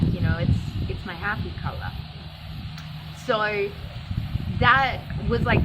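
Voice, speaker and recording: A woman's voice: mid-range voice, heavy background noise. A young adult woman with an Australian accent talks openly to camera in a casual, reflective vlog, restarting phrases as she goes. She is speaking from an outdoor swimming pool. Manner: candid, reflective, with frequent restarts and fillers. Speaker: vlogger. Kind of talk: casual personal talk to camera.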